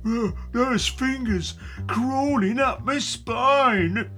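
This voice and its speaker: A woman's voice: fairly high pitch, very slow, a bit bright, faint music behind, voice pushed up. A woman voicing a lanky, easily frightened male robber who whines and frets in a storybook reading. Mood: whining. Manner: whiny, fretful.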